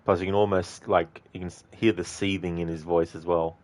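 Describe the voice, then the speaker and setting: A man's voice: low voice, level tone, a little fast. A man giving casual, rambling commentary over gameplay, full of fillers. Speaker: game streamer.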